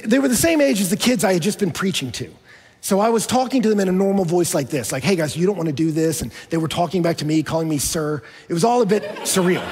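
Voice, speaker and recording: A man's voice: high voice, slightly rough, big-room sound. A man preaching a sermon as a pastor, telling a story in a conversational way with touches of humor.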